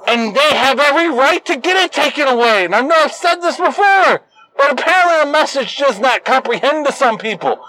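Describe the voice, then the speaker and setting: A young adult man hosting his own show, delivering an angry, profane solo rant that bursts into yelling at its peaks. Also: very high voice, slight background noise, rough recording. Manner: profane, combative and ranting. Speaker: host.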